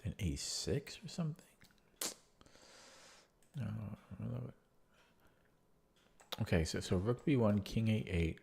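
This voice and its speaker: A young man streaming chess, thinking his moves out loud, repeating words as he calculates and chatting back to his viewers. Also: on the low side, very animated, slow, gravelly, pauses often, slight background noise. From Canada. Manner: chatty replies to viewer chat. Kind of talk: live-stream chess commentary, thinking aloud.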